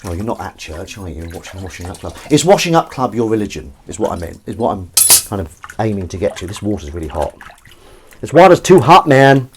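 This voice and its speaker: A man's voice: deep voice, animated, quick pace, few pauses, slight background noise. A man hosting a comedy livestream from his kitchen sink, chatting and reading out viewer comments in a rambling, self-mocking way while washing up. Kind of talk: casual chatty livestream banter. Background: clinking dishes and running water.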